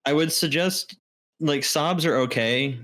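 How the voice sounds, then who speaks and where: A man's voice: a little high, unhurried, a bit bright. A man as a guest contributor in a casual podcast chat, laid-back and swearing casually.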